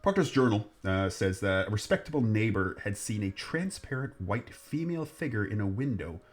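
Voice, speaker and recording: A man's voice: fairly low pitch, big pitch swings, normal speed. A man hosting a podcast, telling a ghost story in a rambling, jokey way. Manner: rambling, jokey, restarts often. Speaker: podcast host. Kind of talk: casual storytelling chat.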